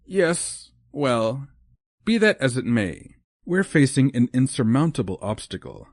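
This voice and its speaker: A man's voice: mid-range voice, sing-song, measured pace, no echo, studio quality, voice pushed up. A man voicing a lonely, proper older woman in an audiobook, formal and hesitant in speech. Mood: wistful, formal. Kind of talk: audiobook character voice.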